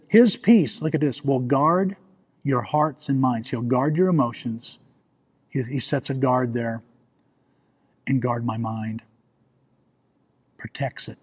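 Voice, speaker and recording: A man's voice: mid-range voice, breathy edge. A man preaching a sermon as pastor, in a conversational way, often restarting with repeated words and asking the listeners questions.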